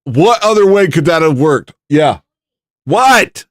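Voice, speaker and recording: A man's voice: on the high side, animated, normal speed, dry recording, studio quality. A man hosting a livestream, chatting casually with viewers in an exasperated, incredulous, mock-outraged way. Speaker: livestream host.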